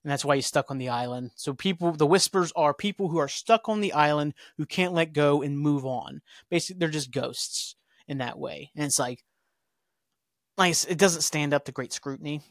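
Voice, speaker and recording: A man's voice: a little high, moderate pace, no room sound, clean studio sound. Rambling man recapping a TV episode. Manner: rambling, complains and paraphrases scenes loosely. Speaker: podcast host. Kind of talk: casual TV recap.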